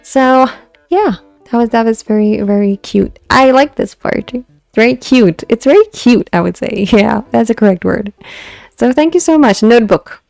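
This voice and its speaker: Chatty Indian woman streamer, bright voice. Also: on the high side, moderate pace, creaky, dry recording, faint music behind. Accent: Indian English. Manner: chatty, switches between English and Hindi, many restarts. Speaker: VTuber streamer. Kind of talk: casual live-stream chat about fan poetry.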